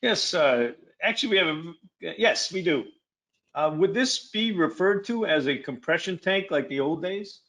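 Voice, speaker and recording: A man's voice: fairly high pitch, animated, moderate pace, fairly bright tone. A man moderating a webinar, reading out questions in a casual, hesitant way with fillers.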